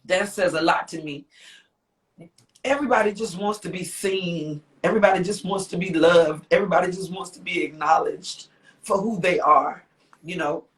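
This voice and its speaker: A woman with a fairly low, fairly bright voice talks at a normal speed. She's a singer and author appearing as a guest on a live interview, and her emotional livestream talk is heartfelt and rambling, full of repetition and exclamations.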